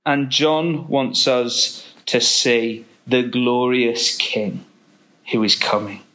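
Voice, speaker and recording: A man preaching a sermon, reading scripture and reflecting slowly and deliberately. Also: mid-range voice, steady tone, sharp tone.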